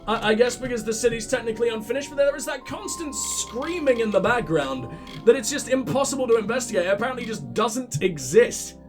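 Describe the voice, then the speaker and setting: A man with a stuffy cold, rambling and swearing sarcastically while commentating his own gameplay. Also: extremely high pitch. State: congested with a cold or flu. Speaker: let's play host.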